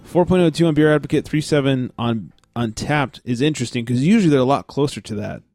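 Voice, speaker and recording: A man's voice: mid-range voice, quick pace, darkish tone, no echo, faint music behind. A man hosting a casual beer podcast, laid-back and rambling, laughing often as he talks. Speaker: podcast host.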